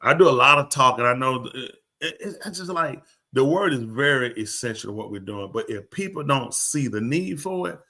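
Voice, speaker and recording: A man's voice: mid-range voice, normal speed, few pauses. An older man, a preacher, telling stories in casual talk and acting out dialogue in a raised voice. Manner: animated, acts out dialogue in raised voice.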